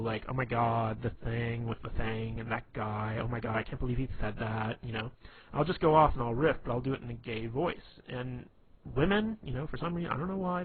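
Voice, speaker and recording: A man's voice: medium pitch, creaky. A man giving casual dating advice in a rambling way, full of fillers and restarts. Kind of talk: casual spoken advice monologue. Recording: tinny phone-like lo-fi recording with faint hiss.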